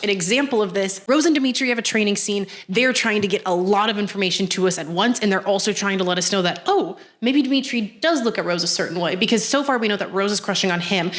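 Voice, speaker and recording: A young woman giving casual commentary as a video essayist, fast-talking, animated and sarcastic. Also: mid-range voice.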